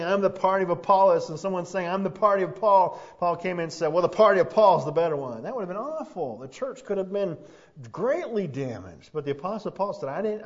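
A man preaching a sermon as pastor, earnest, rising to emphatic peaks and then dropping soft. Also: high-pitched. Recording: dull lo-fi sound.

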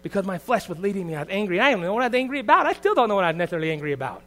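Delivering his sermon at a very fast clip, this middle-aged pastor sounds high and sing-song. He is earnest and confessional, swinging between hushed reflection and loud outbursts.

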